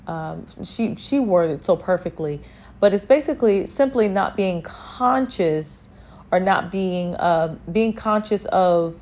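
A woman giving a spiritual encouragement talk, speaking directly to the listener with gentle, repeated reassuring affirmations. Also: fairly low pitch, lively intonation, a little slow. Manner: speaks directly to the listener, asking if they follow.

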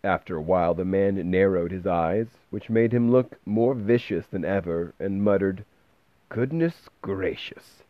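A man narrating a story aloud in a steady storybook reading style, recorded with a dull, dry sound. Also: deep voice, moderate pace, few pauses, dry recording. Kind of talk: scripted narration.

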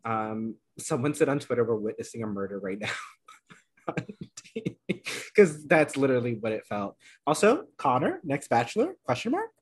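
Man, casual podcast chat, middle pitch, lively storytelling, lots of fillers. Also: brisk, few pauses, breathy edge. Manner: animated storytelling, many fillers. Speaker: podcast co-host. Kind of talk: casual chat recapping a reality show.

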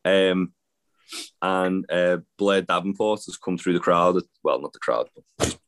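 Deep-voiced man rambling about wrestling. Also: steady tone, measured pace, fairly bright tone. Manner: rambling, many fillers and restarts. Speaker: podcast co-host. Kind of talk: casual wrestling chat.

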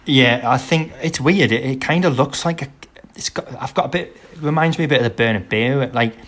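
A man's voice: mid-range voice, a little fast, a bit bright. A man from England, casually telling a long story in a podcast chat and acting out the people in it. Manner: rambling storyteller, acts out quotes.

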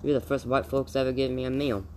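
A man's voice: medium pitch, steady tone, fast talker, a little hiss or hum, close to an everyday voice, rough recording. Man reading as Skillet, a humble hungry drifter. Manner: folksy rural speech, eager and polite.

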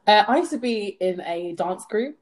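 A woman's voice: medium pitch, moderate pace. Chatty young London woman co-hosting. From London, England. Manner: animated, laughs often, playful banter. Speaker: podcast co-host. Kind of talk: casual chat.

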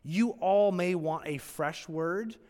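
A man preaching a sermon as pastor, with emphatic pauses and acted-out quotes. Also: high-pitched, a little mellow. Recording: long hall reverb.

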